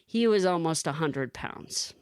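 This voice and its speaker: Animated woman telling a story, laughing. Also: sits low, a little slow, clean tone, no room sound. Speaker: podcast co-host. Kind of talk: casual storytelling chat.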